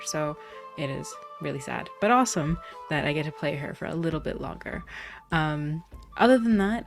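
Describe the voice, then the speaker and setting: A woman tabletop game player introducing herself in casual chat, hesitant and full of fillers. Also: low voice.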